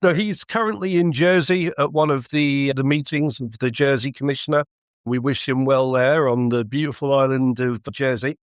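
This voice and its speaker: A man's voice: mid-range voice, steady tone, normal speed, smooth, no echo. A man co-hosting a privacy podcast, talking in casual chat with a dry, wry humor. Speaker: podcast co-host.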